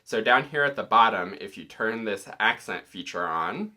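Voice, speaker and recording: A man teaching music in a relaxed, explanatory tutorial, walking through settings step by step. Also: on the low side, moderate pace. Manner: relaxed, explanatory, occasionally counting beats aloud.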